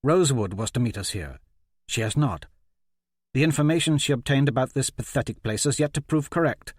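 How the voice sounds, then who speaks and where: A man's voice: mid-range voice, lively intonation, a little fast, a little mellow, dry recording, studio quality, voice pushed up, natural voice. A man voicing a stern young warrior prince who gives impatient commands.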